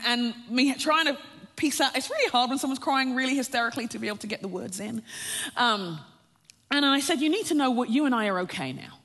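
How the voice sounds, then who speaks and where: Woman preacher, higher register, testimony storytelling with a laugh in it, long hall reverb. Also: a bit bright. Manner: storytelling, often breaks into a laugh, calls the listeners "friends". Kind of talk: personal testimony sermon.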